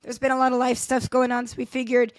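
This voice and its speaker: A woman with a husky, hoarse voice chatting casually as a podcast co-host. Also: fairly high pitch, monotone, fast, dry recording. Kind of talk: casual chat.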